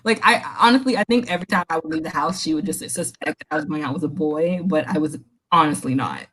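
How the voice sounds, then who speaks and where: A young woman co-hosting a podcast, telling animated stories in casual chat and laughing often. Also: low voice, fast, breathy edge, poor audio. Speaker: podcast co-host.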